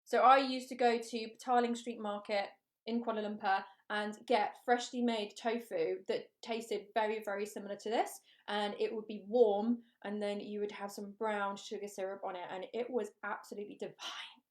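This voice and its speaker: A woman's voice: mid-range voice, steady tone, moderate pace. A woman hosting a live vegan cooking show, chatting upbeat with viewers and reading out their comments. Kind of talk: live cook-along chat.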